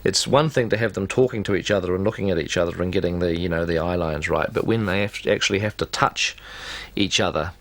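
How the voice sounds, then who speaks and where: A film director recalls the shoot in a wry, self-deprecating way. His voice sits fairly low, relaxed and conversational. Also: fast, no room sound. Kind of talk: making-of interview recollection.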